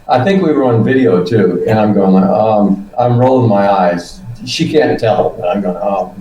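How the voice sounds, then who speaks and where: A man's voice: lowish voice, lively intonation, normal speed, warm tone, echoey room, distant mic, lo-fi sound. A man in his seventies, a guest telling a rambling, casual story about himself, acting out his own reactions and swearing now and then. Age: 70s. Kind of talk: casual testimonial chat.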